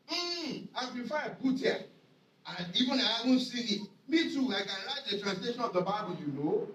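Male preacher, high lively voice, emphatic repetition, echoey hall from a distance. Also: slight background noise. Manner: emphatic, repeats scripture phrases slowly for stress. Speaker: pastor. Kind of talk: sermon.

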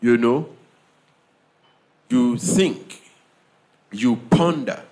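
Man, preacher, sermon, slow deliberate delivery, lively rising and falling pitch, repeats phrases. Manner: asks the audience "do you understand" often.

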